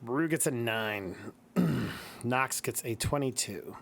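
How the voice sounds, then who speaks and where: A man's voice: mid-range voice, animated, takes it slowly, vocal fry. Midwestern man running a tabletop game. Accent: Midwestern American. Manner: casual, explains rules with fillers. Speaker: game master.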